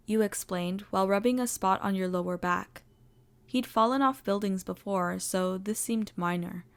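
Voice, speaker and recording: A woman with a mid-range voice reads a story aloud in the second person. Her narration is expressive and animated. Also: medium pitch, gravelly. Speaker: story reader. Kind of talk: fan fiction audio narration.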